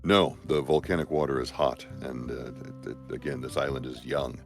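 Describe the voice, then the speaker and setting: A man's voice: very deep voice, steady tone, moderate pace, faint music behind. A man role-playing a captain in a formal, archaic way of speaking. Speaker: player. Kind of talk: in-character role-play.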